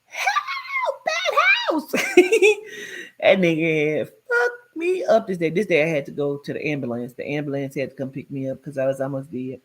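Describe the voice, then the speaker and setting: Woman, candid personal story, blunt and profane, lower-pitched voice, loud then hushed. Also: expressive, fairly quick, few pauses. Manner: blunt and profane, with frequent "like" fillers; swings between loud emphasis and hushed tones. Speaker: guest sharing her life story.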